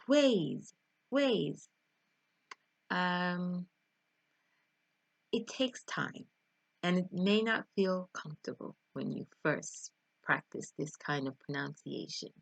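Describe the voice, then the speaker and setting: A woman's voice: on the low side, creaky, no room sound. A woman teaching English pronunciation in an online video lesson, speaking carefully and exaggerating each sound in drills.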